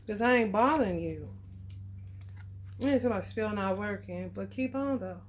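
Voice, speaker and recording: A woman's voice: mid-range voice, lively intonation, normal speed, slight background noise. A woman giving a casual, blunt, profane astrology reading, preaching straight at her viewers. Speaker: tarot reader.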